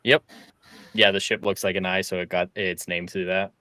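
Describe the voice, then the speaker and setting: A man's voice: sits low, little pitch movement, moderate pace, pushed and bright, dry recording. A man hosting a casual podcast chat, explaining things with easy laughs. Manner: chatty, explains with little laughs. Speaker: podcast host and audio drama producer.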